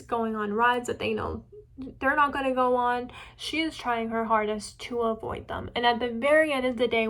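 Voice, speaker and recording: With a fairly high-pitched voice, a young woman hosts a relaxed book-review chat, animatedly retelling a story and dropping in quoted asides.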